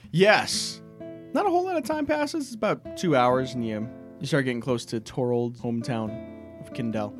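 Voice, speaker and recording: A man's voice: mid-range voice, big pitch swings, normal speed, over music. A man narrating as game master in a casual tabletop game, with dry jokes.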